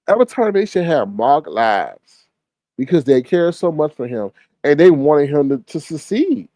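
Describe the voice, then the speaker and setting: A man's voice: fairly high pitch, very animated, measured pace, warm tone, no echo. A man hosting a livestream, chatting casually and gossiping in a sassy way while reading the chat. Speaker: livestream host.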